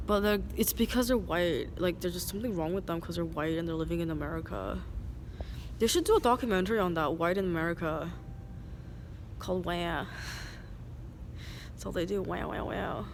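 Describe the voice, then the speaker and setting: A woman's voice: fairly low pitch, fairly quick, pauses often. Casting: woman vlogger, rambling, noisy street background. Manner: rambling, many "like" fillers. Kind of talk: rambling casual monologue.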